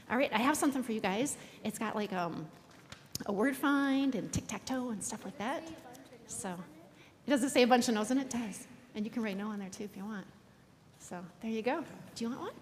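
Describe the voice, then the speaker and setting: A woman pastor giving a children's sermon in a church sanctuary, animated and playful with the kids. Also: on the high side, normal speed. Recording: long church hall reverb, faint hum.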